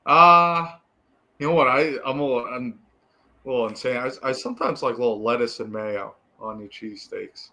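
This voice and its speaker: A man's voice: medium pitch, normal speed, bright, forceful tone. A young man with a Boston accent talks as a guest on a casual podcast. He sounds easygoing and hesitant, stopping often on fillers as he works out what to say. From Boston area.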